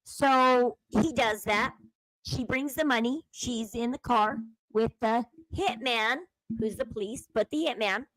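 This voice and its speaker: A young adult woman who hosts her own commentary channel casually retells a crime story, acting out the quotes and using euphemisms like "schmurdered." Her voice is fairly high and bright, her pace unhurried. The low-quality recording has no room sound.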